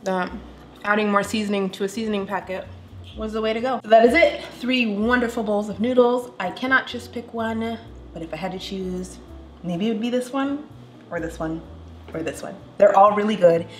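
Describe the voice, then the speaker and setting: A young woman hosting a casual cooking vlog, chatting warmly as she cooks and tastes food with bubbly enthusiasm. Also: mid-range voice, moderate pace, slight background noise. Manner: bubbly, enthusiastic, tasting aloud. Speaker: cooking vlogger.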